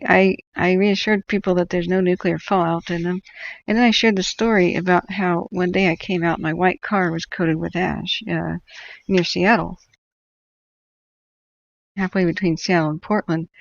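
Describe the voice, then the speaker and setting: A livestream host from northern California keeps up casual chat while tracking wildfires, spinning rambling stories and laughing often. She speaks at a normal speed in a fairly low, creaky voice with fairly even intonation, and the audio is dull.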